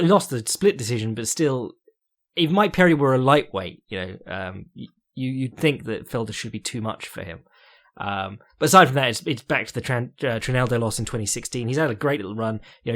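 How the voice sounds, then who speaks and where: A man hosting a podcast, breaking down fights in a rambling, casual way with sweary jokes and chuckles. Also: mid-range voice. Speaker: podcast host.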